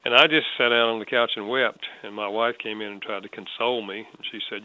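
An older man telling an earnest personal story in a radio interview, his voice dropping soft when he reflects. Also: medium pitch, quick pace, few pauses, phone-quality sound. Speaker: guest author and father.

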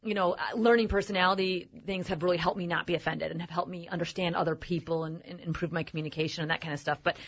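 A woman's voice: on the low side, highs cut off. A woman talking as a guest on a Christian talk show, thoughtful and sharing advice. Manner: thoughtful, many restarts.

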